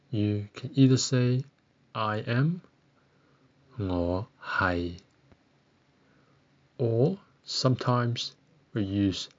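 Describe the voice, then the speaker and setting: A man from Britain teaching a beginner language lesson, saying each word slowly and pausing long for the listener to repeat. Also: medium pitch, a little mellow, muffled recording. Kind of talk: slow, deliberate language lesson.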